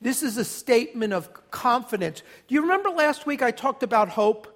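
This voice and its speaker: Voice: medium pitch, lively intonation, fairly quick. Pastor preaching in church, emphatic, gets the congregation repeating lines back. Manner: emphatic, leads congregation in call-and-response. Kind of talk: sermon.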